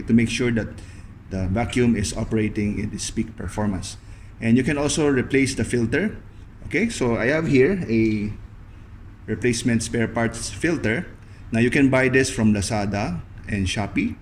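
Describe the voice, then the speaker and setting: A young man with a lowish voice walks through a hands-on cleaning demonstration. He keeps it casual and unpolished, leaning on "okay" between steps. Faint background noise sits under the voice. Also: a little mellow. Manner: loose, fills pauses with frequent "okay". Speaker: video host demonstrating appliance upkeep.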